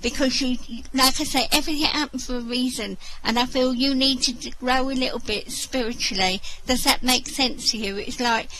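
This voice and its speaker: A woman's voice: high-pitched, fairly even intonation, normal speed, few pauses, a little hiss or hum, poor audio. A woman medium giving live spiritual readings in an online voice chat. She keeps checking in with the person she is reading for. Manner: warm, repeatedly checks in with the sitter. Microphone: computer mic in an online voice chat room.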